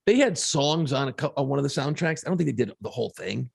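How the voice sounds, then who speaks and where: A man's voice: mid-range voice, quick pace, creaky, slightly rough. A man co-hosting a podcast, chatting casually and swearing freely while he tells stories. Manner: profane, animated storyteller. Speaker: podcast co-host. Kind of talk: casual chat.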